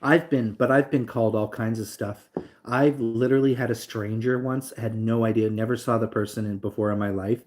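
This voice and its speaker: A man's voice: mid-range voice, steady tone, brisk, a little mellow. A young man talking loosely to his live stream audience, rambling with lots of fillers and reading chat aloud. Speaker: livestream host.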